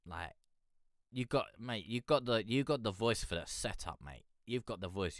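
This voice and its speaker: A young man hosting a live music review stream, chatting in a rambling, excitable way. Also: low-pitched, a little fast, no echo, clean studio sound. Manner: rambling, excitable, peppered with "mate". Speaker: music review show host. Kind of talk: casual live-stream commentary.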